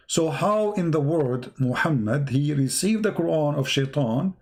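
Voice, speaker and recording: Brief: sarcastic male commentator, slightly high voice, halting phrasing, mocking tone. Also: lively intonation, darkish tone. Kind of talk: polemical commentary monologue.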